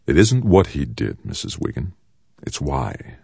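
A man voicing a calm, stern military colonel who speaks in a measured, controlled way. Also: a bass voice, gravelly, breathy edge, dry recording, clean studio sound, heavily acted. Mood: cool, stern.

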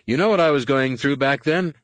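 A man's voice: mid-range voice, brisk, a bit bright, no echo, pitched above the performer's own voice, natural voice. A man voicing an intense, insistent young man in an audiobook. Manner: insistent, urgent. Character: intense young man, Jedi outcast, pressing hard.

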